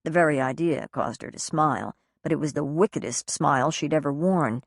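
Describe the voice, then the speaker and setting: A woman reading a novel aloud as an audiobook narrator, acting out the dialogue with raised pitch and force. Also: brisk, no echo, studio quality. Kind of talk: scripted narration.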